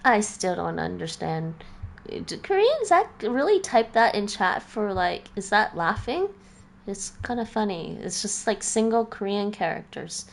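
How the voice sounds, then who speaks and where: A woman's voice: medium pitch, big pitch swings, unhurried, gravelly. A woman streaming a video game, chatting casually with her viewers and laughing often. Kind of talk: casual chat while gaming.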